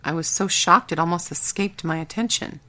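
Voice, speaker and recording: A woman reading a first-person audiobook in a wry, brisk storytelling manner. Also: lowish voice, pushed and bright. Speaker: audiobook narrator.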